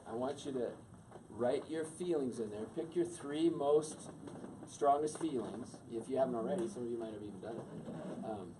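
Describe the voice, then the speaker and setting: A man's voice: medium pitch, normal speed. Man teaching a couples' class, heard from afar. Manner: conversational, quizzes the audience. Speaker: marriage workshop speaker. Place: meeting room with an audience. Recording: distant mic with background noise.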